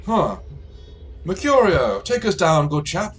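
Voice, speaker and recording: A man's voice: on the high side, sing-song, takes it slowly, a little hiss or hum, voice pushed up, low-quality recording. A man voicing a foppish, upper-class male airship captain in a tabletop game, with plummy exclamations. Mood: flustered. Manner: pompous, fussy.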